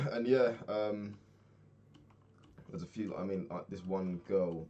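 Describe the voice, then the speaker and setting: A man's voice: low-pitched, slow, warm tone, lo-fi sound. A young man chatting casually in a video diary while playing a game, rambling, swearing freely and laughing often. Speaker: vlogger.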